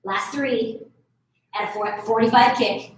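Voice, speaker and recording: A woman's voice: on the high side, steady tone, a little slow, slight background noise. A woman in her thirties leading a live barre workout class, chatty and encouraging, laughing often. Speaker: fitness instructor. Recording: echoey room, far from mic.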